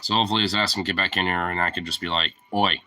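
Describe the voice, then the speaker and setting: A very low-pitched man talks to his stream with an intensely bright, cutting edge to his voice. He rambles loosely, swears freely and fills gaps with "like" and "you know", sniffling now and then. A faint noise sits behind him. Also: steady tone, very fast. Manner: rambling and profane, heavy on fillers. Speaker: livestreamer. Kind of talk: casual stream chat.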